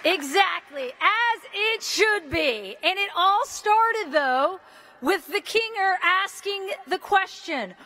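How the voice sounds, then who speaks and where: A faint crowd can be heard as a fifties-aged American woman addresses graduates in a large indoor arena. Her voice is very high and her delivery slow, yet she stays energetic and casual, cracking jokes and swearing mildly.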